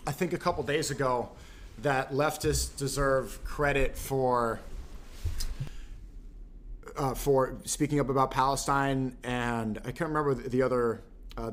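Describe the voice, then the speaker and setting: A man hosting a casual podcast interview, asking rambling, halting questions. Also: mid-range voice, a little hiss or hum. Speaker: podcast host.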